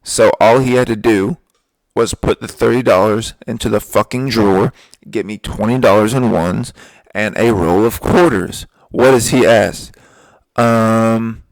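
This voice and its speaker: A young man with a low, gravelly voice tells rambling stories on his podcast. He talks loosely and swears freely, drifting between a relaxed drawl and heated rants. The sound is dry and close, with no room around it. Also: measured pace, no echo. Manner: profane, ranting, laid-back drawl. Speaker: podcast host. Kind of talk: casual storytelling monologue.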